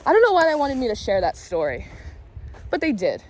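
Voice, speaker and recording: Chatty late-20s woman, rather high voice. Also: huge pitch swings, fairly quick, darkish tone. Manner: candid, rambling and confiding, swears casually; talks while walking. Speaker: tarot reader and spiritual vlogger. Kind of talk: casual storytelling vlog.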